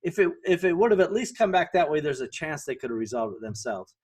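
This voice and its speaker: A man's voice: on the high side, sing-song, fast talker, darkish tone, slightly rough. A middle-aged man hosting a podcast and giving a solo business lesson in a conversational way, often checking in with the listener. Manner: conversational, keeps asking "right?" to the listener; self-correcting, with fillers and restarts. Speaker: podcast host.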